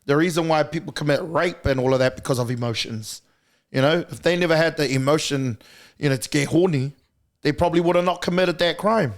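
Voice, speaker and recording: Man, New Zealand accent, high voice, blunt, animated podcast guest. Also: fairly quick. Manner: animated, blunt, acts out quoted voices with big jumps in pitch. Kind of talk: casual podcast conversation.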